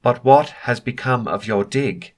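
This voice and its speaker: A man's voice: medium pitch, a little slow, pitched above the performer's own voice, lightly acted. A man voicing a polite but unbending male government official who speaks formally and insists on procedure.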